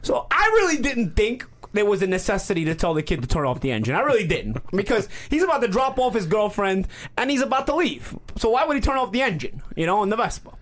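Male podcast host, quick and lively storyteller, rambling and casual. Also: high-pitched. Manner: rambling, animated, many fillers.

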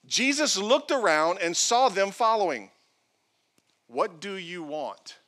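A man's voice: high voice, lively intonation, slow pace, fairly bright tone. A male pastor preaching a sermon, reading scripture aloud with playful asides and acted-out quotes.

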